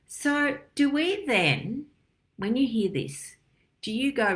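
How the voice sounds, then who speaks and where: A middle-aged woman doctor giving a lively, chatty health talk full of analogies. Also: mid-range voice, slow, pauses often. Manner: lively, chatty, acts out little dialogues and analogies. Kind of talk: casual health talk to camera.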